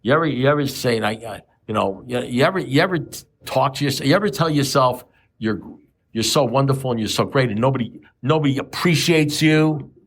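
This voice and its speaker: A man's voice: mid-range voice, fast talker, a bit bright, husky. A man in his seventies giving a blunt, profane talk at a recovery meeting, firing off repeated rhetorical questions. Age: 70s. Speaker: AA speaker.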